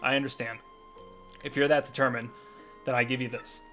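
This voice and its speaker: A man streaming a game reads its dialogue aloud at an ordinary middle pitch. He gives the lines a light dramatic lilt and corrects himself when he trips over a word. Faint game music plays behind him. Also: little pitch movement, a little fast, bright, forceful tone. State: coughing at times. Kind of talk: casual reading of game text aloud.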